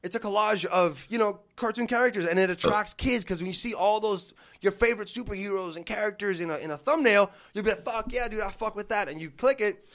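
Man, 30s, slightly high voice, cussing storyteller acting out quotes, podcast co-host. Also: fast. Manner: animated, profane, acts out quotes. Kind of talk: casual storytelling chat.

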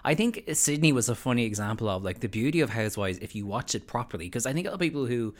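A man hosting a casual podcast, talking things through at length in a relaxed, chatty way. His voice sits at an ordinary middle pitch. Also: rapid-fire. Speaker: podcast host. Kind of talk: casual chat.

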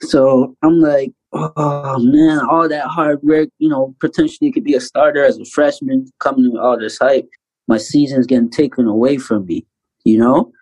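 Man, thirties, from Canada, animated casual storyteller, mid-pitched voice. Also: moderate pace, husky, low-quality recording. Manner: animated storyteller, acts out quoted voices loudly. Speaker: guest, basketball player.

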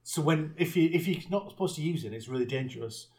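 A man's voice: on the high side, animated, quick pace, darkish tone. A man co-hosting a podcast, recapping a film in casual chat, rambling with restarts and occasional chuckles and swearing. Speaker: podcast co-host.

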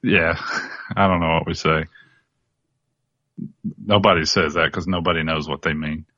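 A man's voice: low-pitched, steady tone, measured pace, bright, forceful tone, no echo, highs cut off. A man hosting a podcast, chatting casually and joking wryly. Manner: wry, dry joking. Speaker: podcast host. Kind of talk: casual chat.

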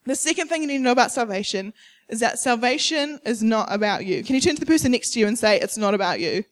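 A woman's voice: a little high, expressive, fast talker. A young adult woman preaching a sermon at a church service, emphatic and repetitive, acting out the people she quotes.

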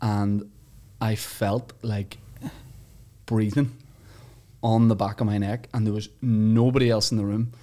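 A man in his thirties, a guest comedian from Ireland, telling animated anecdotes in a casual podcast chat, swearing freely. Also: fairly low pitch, unhurried. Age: 30s. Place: podcast studio.

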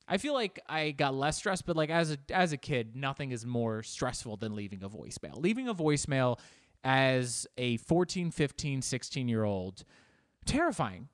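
A man's voice: medium pitch, no echo, studio quality. A man delivering a rambling, profane comedic monologue as a podcast host.

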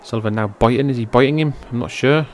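An excitable man calls a wrestling match play by play into his own microphone, with a voice of ordinary pitch for a man. He drifts between quiet, offhand description and sudden loud, high-pitched shouts, and swears when things go wrong. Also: fast talker, a little hiss or hum. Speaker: wrestling commentator. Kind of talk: amateur play-by-play commentary over old footage. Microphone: personal microphone.

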